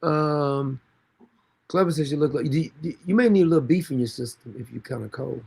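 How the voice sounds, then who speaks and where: High, gravelly mocking male streamer. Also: a little fast, a little mellow. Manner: mocking, joking, rambling with frequent laughs. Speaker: livestream host. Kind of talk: casual livestream commentary.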